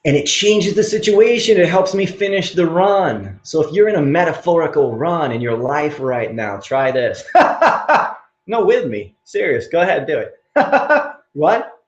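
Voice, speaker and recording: A man teaching qigong in an animated, playful way, often laughing as he demonstrates. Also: fairly high pitch, moderate pace, few pauses. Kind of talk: motivational teaching talk. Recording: roomy, dull-sounding recording.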